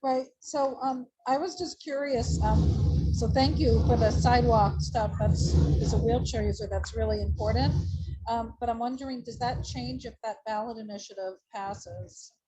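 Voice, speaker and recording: A woman's voice: a little high, fairly even intonation, moderate pace, noisy background. A woman on an advisory board asking questions at a public meeting in a curious, tentative way.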